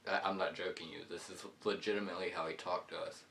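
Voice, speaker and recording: A man with a deep, low voice tells a rambling story while he plays. He talks casually and loosely, full of fillers, as he comments on the match. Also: little pitch movement, quick pace, creaky, fairly bright tone. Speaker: gaming channel host.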